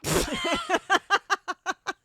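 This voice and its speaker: A woman's voice: very high voice, huge pitch swings, extremely slow, pushed and bright, dry recording, studio quality. A middle-aged woman co-hosting a podcast, telling a story in casual chat and laughing often.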